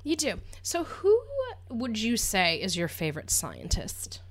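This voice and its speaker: A giggly woman co-hosting a casual chat, her pitch bouncing widely between lines. She answers fast with teasing remarks at a mid pitch. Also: sing-song. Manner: giggly and quick with teasing replies. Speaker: podcast co-host, journalist.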